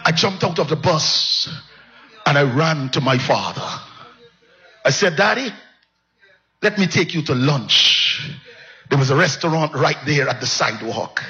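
A male pastor delivers a slow, deliberate sermon, rising from a hush to soaring, anguished cries. His voice is bright and sits a little high. The recording has a dull, lo-fi sound. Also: animated. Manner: impassioned preacher, swinging from low hush to high cries.

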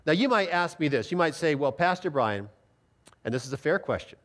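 A male pastor delivers a Bible teaching in an emphatic, explanatory way. His voice sits a little high for a man and swings widely in pitch. He reads scripture aloud and then unpacks it. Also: lively intonation, brisk, a bit bright.

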